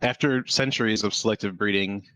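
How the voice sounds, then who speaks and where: A man with a lowish voice chats casually while watching a movie with friends. He is playful and rambles through explanations with plenty of fillers. The recording is dry and close. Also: fairly quick, pushed and bright, dry recording. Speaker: watch-along co-host. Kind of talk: casual chat over a movie.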